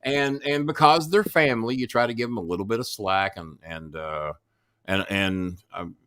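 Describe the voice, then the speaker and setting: A man's voice: fairly low pitch, normal speed, fairly bright tone, clear, resonant tone, no echo, clean studio sound. An older man from the Southern United States, a guest telling stories in a blunt, profane, casual way. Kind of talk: casual storytelling chat.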